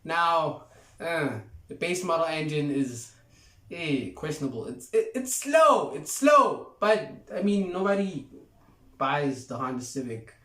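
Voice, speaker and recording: A young male car vlogger talks through a casual car review, laughing as he goes and repeating points to hammer them home. His slightly high, fairly bright voice swings widely in pitch and moves a little slowly. There's a noticeable roomy echo.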